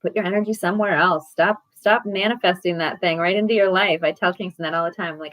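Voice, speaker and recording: A woman's voice: medium pitch, animated, normal speed, no echo, low-quality recording. Effusive woman hosting a spiritual livestream. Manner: effusive, affirming, encouraging. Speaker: host of an online group prayer and meditation. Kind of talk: casual spiritual livestream talk.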